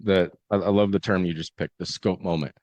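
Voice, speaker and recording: A man co-hosting a podcast, chiming in casually with quick, emphatic comments. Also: low-pitched, steady tone, darkish tone, no room sound, lo-fi sound. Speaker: podcast co-host. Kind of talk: casual conversational podcast talk.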